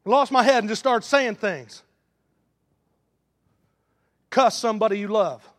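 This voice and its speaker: A man preaching a sermon in a folksy manner, building to loud, emphatic runs. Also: high-pitched, measured pace. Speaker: pastor. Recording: long hall reverb.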